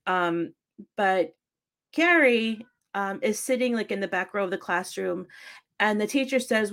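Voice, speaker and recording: A woman in casual conversation about a film, animated and laughing, acting out lines as she retells scenes. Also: medium pitch, a little slow.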